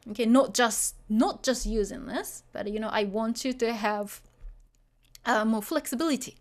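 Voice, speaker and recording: A woman's voice: a little high, moderate pace. Chatty woman teaching Japanese. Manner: chatty, full of fillers, asks for agreement. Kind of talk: beginner language lesson.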